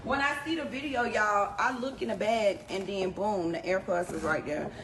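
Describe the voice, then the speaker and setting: A woman telling a personal story in a casual, animated, slangy way, addressing her listeners directly. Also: mid-range voice, moderate pace. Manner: animated, slangy, talks straight to the audience. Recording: background noise under the voice.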